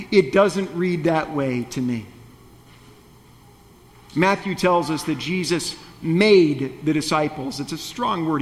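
A man's voice: fairly high pitch, long reverb tail. A male pastor delivering a sermon in a conversational, playful way, with wry asides.

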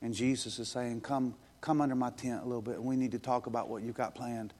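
A man preaching a sermon as pastor, earnest and direct, building to urgent appeals and then softening into a gentle invitation. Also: medium pitch, steady tone, fast talker, long reverb tail. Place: church sanctuary.

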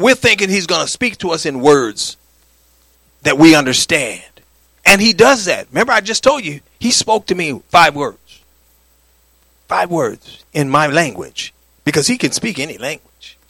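Raspy, high-pitched man preaching a sermon. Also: no echo. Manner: preaching with wide swings from loud to hushed; calls for congregation response. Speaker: pastor.

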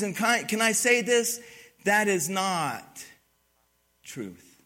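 An older man preaching a sermon, telling stories with asides to his congregation and swinging from loud exclamations to hushed, near-whispered moments. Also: very high voice, lively intonation, takes it slowly. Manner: storytelling, conversational asides to the congregation. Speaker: pastor.

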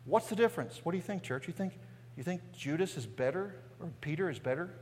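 East tennessee appalachian guy preaching a sermon, kinda high voice, lots of "right?" questions, churchy echo. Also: animated, quick pace, darkish tone, husky. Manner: conversational preaching with frequent rhetorical questions and "right?". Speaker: pastor. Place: church sanctuary.

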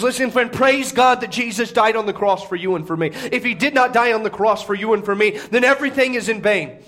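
A man's voice: sits high, a little fast, few pauses, a bit bright. A man preaching a sermon in a casual, conversational way, often asking "okay?" and laughing at his own stories, keeping his voice down so as not to wake babies. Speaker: pastor. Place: indoor room with a congregation.

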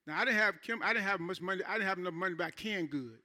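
Preaching a sermon from a church pulpit, a pastor races along in a high voice with a very bright, forceful edge. He's animated and conversational, checking in with the congregation and dropping to a hush for asides.

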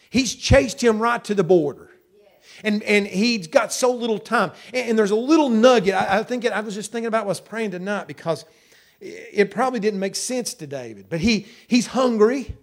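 US male pastor, high-pitched, folksy sermon delivery, repeats himself and says hallelujah often. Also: lively intonation, moderate pace. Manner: folksy, repetitive, with frequent hallelujahs and amens.

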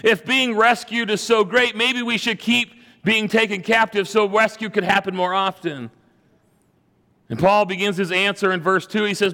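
A man with a high, bright voice preaching a sermon in a loose, conversational storytelling way. His voice rings out with a long hall reverb around it. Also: fairly even intonation, normal speed. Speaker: pastor. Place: church sanctuary.

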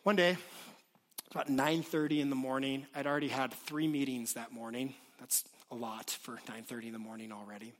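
A man in his late thirties preaching a sermon, telling a personal story in an animated, self-deprecating way. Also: mid-range voice, a little fast. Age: late 30s. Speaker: pastor. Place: church auditorium with congregation.

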